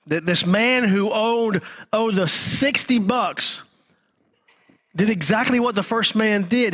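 A man preaching a sermon in church. He repeats key phrases and drops into a low, quiet voice to stress them. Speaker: pastor.

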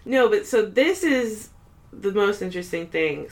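A woman co-hosting a podcast, chatting loosely and taking her time over each thought. She giggles often and drifts between ideas, with a curse dropped here and there. Her pitch sits in a middling range. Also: lively intonation, measured pace. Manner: giggly, rambling, swears casually. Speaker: podcast co-host. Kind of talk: casual chat.

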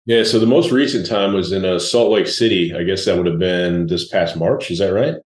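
A man's voice: deep voice, brisk, reverberant. A man in his forties, a guest entrepreneur telling blunt, laid-back stories in a casual interview.

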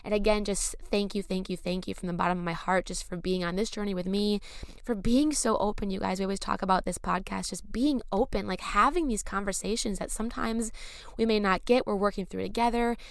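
Brief: hoarse woman, podcast host, gushy and earnest, dry close mic. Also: mid-range voice, fairly even intonation, brisk, no room sound. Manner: gushing, earnest, openly nervous, chatty. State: recovering from lost voice, hoarse. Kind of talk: spiritual self-help podcast monologue.

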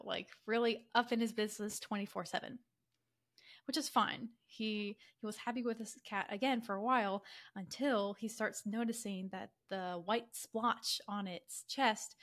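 A woman podcast co-host casually retelling a story, animated and full of fillers, acting out characters' lines in quick quoted voices. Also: medium pitch. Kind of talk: casual chatty story summary.

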